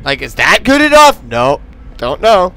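A man's voice: high-pitched, huge pitch swings, a little slow, a bit bright, clear, resonant tone. A man commentating on his gameplay in a casual, frustrated and sarcastic way, swearing often. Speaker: let's play commentator.

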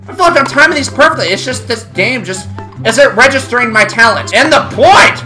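Excitable gamer yelling at the game. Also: sits high, normal speed. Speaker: gaming channel host. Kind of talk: excited let's-play commentary. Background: game music.

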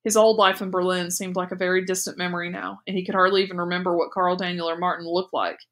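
A woman teacher reading a novel aloud in steady, clear storytelling narration. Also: fairly low pitch, fast. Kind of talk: audiobook read-aloud narration.

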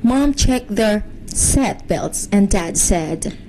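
A woman reads a bedtime story in a gentle, soothing voice. She takes it very slowly. Her tone is warm and mellow. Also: medium pitch, lively intonation, a little hiss or hum, rough recording. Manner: slow, gentle, soothing read-aloud.

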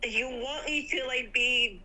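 A woman's voice: high voice, slow pace, pushed and bright, a little hiss or hum. A woman chatting casually while playing a racing game with friends, laid-back and wry. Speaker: co-player. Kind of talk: casual gaming chat.

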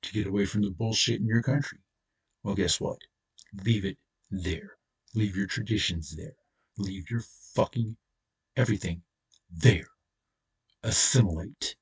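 A man's voice: on the low side, husky, distant mic. A man hosting his own channel, delivering an angry, profane solo rant with blunt, confrontational talk. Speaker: channel host.

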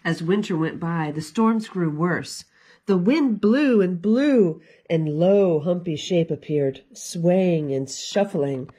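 A woman librarian giving an expressive, sing-song storytime read-aloud for children. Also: lowish voice, slow, breathy edge.

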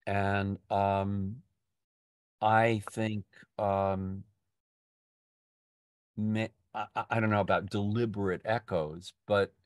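Older man, poetry discussion leader, slow halting speech, low voice, dry close sound. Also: little pitch movement, dry recording. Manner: halting, many restarts and fillers. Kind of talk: casual literary discussion.

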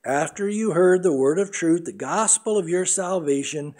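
Middle-aged male pastor, earnest sermon delivery, higher-pitched voice. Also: moderate pace, a little mellow. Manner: earnest preaching, acts out voices in anecdotes.

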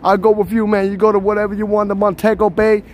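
A man's voice: high voice, little pitch movement, moderate pace, slight background noise, pitched above the performer's own voice, close to an everyday voice. A man putting on a mock Jamaican street guy who is boastful and playfully threatening, outdoors on a city street.

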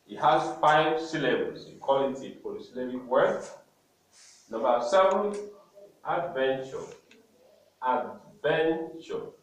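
A male teacher giving a lesson slowly and deliberately, repeating each word for emphasis. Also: medium pitch. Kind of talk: classroom lesson. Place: classroom. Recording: very echoey classroom, mic far off, faint noise.

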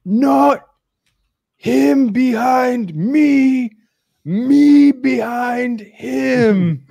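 Man squeaking as a talking ape with broken English. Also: vocal fry, dark tone, no room sound, exaggerated voice. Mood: pleading. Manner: halting broken speech, squeaky and strained. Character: talking male ape in suspenders, simple-minded, broken English. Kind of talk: comic retelling of a skit.

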